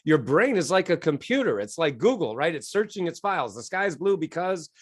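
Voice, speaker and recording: A middle-aged man, a guest keynote speaker, telling stories in an interview with animated quoted voices and frequent laughs. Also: fairly high pitch, a little fast. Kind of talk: energetic storytelling interview.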